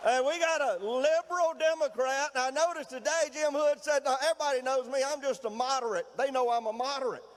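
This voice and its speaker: A middle-aged man with a Southern Mississippi accent, giving a folksy, rousing political rally speech as a governor and often shouting to the crowd. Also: very high voice, brisk, few pauses. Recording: reverberant hall, faint noise.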